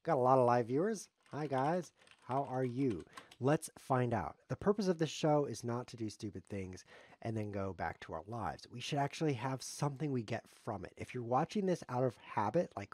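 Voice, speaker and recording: A man's voice: mid-range voice, expressive, brisk, a little mellow, no room sound, clean studio sound. A man streaming live chess, commenting on his games in a sarcastic, joking way as he plays. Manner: sarcastic, joking, talks to himself while playing.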